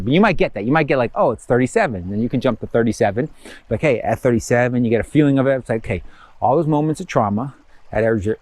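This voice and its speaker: A man giving casual guided instruction as a spiritual teacher, rambling with many fillers and slowing down for affirmations. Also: mid-range voice, darkish tone, no room sound.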